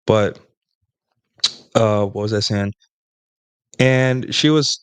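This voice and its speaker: A man's voice: fairly low pitch, smooth, dry recording. A man hosting his own stream, telling long, boastful dating stories in a casual ramble and often checking in with his listeners. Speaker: streamer hosting a solo talk show. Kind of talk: casual storytelling monologue about dating.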